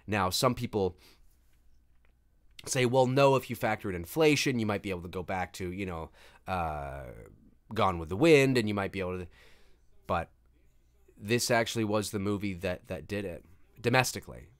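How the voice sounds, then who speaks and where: Man, host of a casual live movie commentary. Excitable and profane, with a lively, swinging pitch. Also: moderate pace, long pauses. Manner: excitable, swears freely, reads chat aloud.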